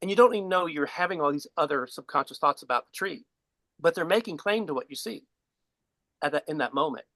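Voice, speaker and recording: On a video call, a guest speaker with a slightly high voice gives a casual spiritual teaching at a quick pace. He rambles in a relaxed way and chuckles while telling a story, and the recording is rough but has no echo.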